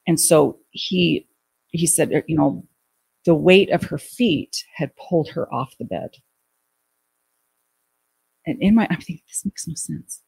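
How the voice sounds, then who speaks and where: A middle-aged woman telling an emotional personal story in an interview, halting and restarting her sentences. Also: low voice, expressive, gravelly, a little mellow, slightly rough, poor audio. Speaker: guest recounting a family death.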